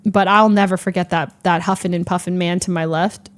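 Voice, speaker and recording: A young woman streamer chats casually and tells stories in a brisk, lowish voice. She's animated, laughs often, and acts out the people she quotes.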